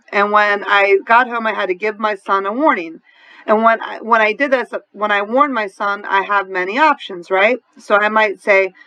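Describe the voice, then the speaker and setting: Bright-voiced New Orleans woman teaching grammar. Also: fairly high pitch, no room sound, rough recording. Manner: explanatory, checks in with "right?", laughs lightly. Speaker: ESL teacher. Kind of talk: classroom grammar lesson.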